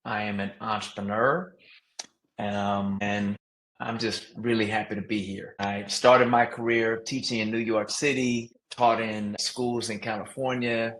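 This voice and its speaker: A man speaks as a podcast guest, earnest and measured as he answers questions. His voice sits a little low, and the room adds a noticeable echo. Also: level tone, a bit bright. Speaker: podcast guest, educator and entrepreneur. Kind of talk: interview answers. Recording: echoey room.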